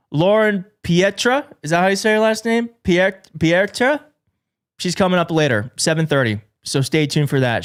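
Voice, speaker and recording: A man hosting a live political commentary show, excitable and jokey, often restarting his sentences. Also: fairly high pitch. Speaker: show host. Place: studio in a big city.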